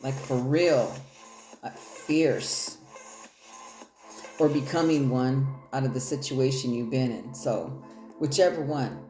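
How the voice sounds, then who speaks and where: A woman's voice: very deep voice, slow, pauses often. A woman giving a loose, rambling tarot reading in casual, profane talk. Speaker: tarot reader. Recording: echoey room with loud music.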